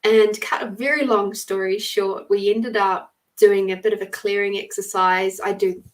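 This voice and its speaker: A woman's voice: medium pitch, fairly even intonation, normal speed, recorded from a distance. Chatty woman telling a story. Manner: chatty and rambling, greets viewers mid-story. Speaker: podcast host giving live readings. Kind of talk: casual storytelling on a live stream.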